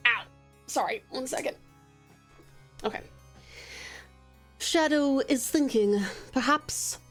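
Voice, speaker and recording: An Australian woman streamer narrates a community game and banters with her chat. Her voice sits high, and she giggles often and swears casually. Soft music plays faintly beneath her. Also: takes it slowly. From Australia (Tasmania).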